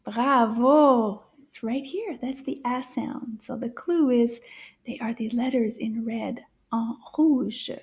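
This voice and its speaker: Woman, children's language teacher, breathy and slow, gentle and encouraging. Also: a little high. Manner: gentle and encouraging, drops often into soft breathy asides.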